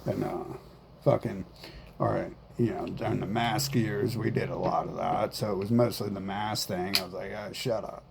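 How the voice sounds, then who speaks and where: A man's voice: fairly low pitch, fairly even intonation, normal speed, vocal fry, heavy background noise. A man in a casual vlog monologue, rambling and repeating himself, swearing often and defiant in tone. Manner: rambling, repetitive, profane, defiant. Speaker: vlogger.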